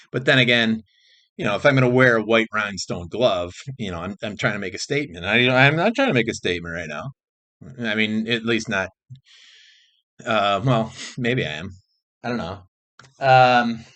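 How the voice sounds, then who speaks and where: A man's voice: mid-range voice, a bit bright. Man rambling in a profane monologue. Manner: rambling, profane, jumps between topics; frequent restarts and repeated phrases. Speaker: vlogger.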